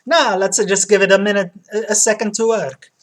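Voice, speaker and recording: A woman voicing a smug, teasing male barber with a put-on Italian accent, high and sing-song. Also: fairly even intonation, normal speed, close to an everyday voice. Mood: cheeky.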